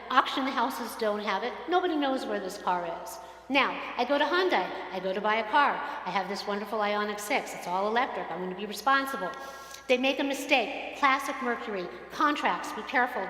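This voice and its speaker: Woman clergy, sermon storytelling, lively, acts out the dialogue, slightly high voice, reverberant sanctuary. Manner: animated storytelling, acting out quoted exchanges. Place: synagogue sanctuary. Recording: echoey hall reverb.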